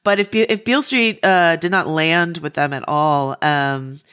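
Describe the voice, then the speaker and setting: A woman's voice: low voice, normal speed, fairly bright tone, clean tone. A woman co-hosting a casual film-awards chat, musing and hesitant with many fillers. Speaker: podcast co-host.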